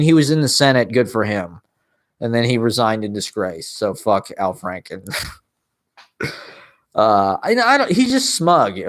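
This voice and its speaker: A man in his thirties telling a rambling, profane story in casual monologue, often breaking into laughter. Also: medium pitch. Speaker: podcast host.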